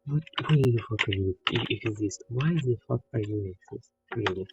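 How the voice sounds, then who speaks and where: A man's voice: on the low side, normal speed, creaky, over loud music. A man talking casually while playing a video game, swearing often and speaking in loose, non-native phrasing. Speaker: gamer. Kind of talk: casual gameplay commentary. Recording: dull lo-fi game capture.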